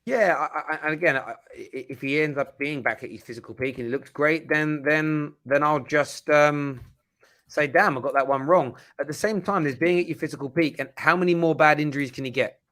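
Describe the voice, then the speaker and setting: A man's voice: on the high side, steady tone, fairly quick, a bit bright. A man hosting a football live stream in casual chat, often stumbling and repeating words.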